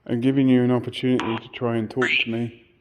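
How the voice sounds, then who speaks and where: A man investigating alone in an old church, speaking in an earnest, hushed voice and calling out questions to the spirits. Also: medium pitch, level tone, quick pace, background noise. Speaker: paranormal investigator. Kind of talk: solo ghost-hunting vlog. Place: inside an old church at night.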